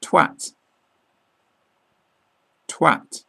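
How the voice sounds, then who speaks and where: British male podcast teacher, measured delivery, gravelly husky voice. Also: medium pitch, fairly bright tone. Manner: slow, deliberate, repeating each word. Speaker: podcast host and English teacher. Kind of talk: scripted language lesson.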